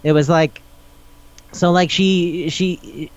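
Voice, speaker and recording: A man's voice: a little high, steady tone, takes it slowly, dry recording. Rambling, swearing man on lo-fi audio. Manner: rambling, swears often, laughs while talking. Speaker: podcast host. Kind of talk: casual chat.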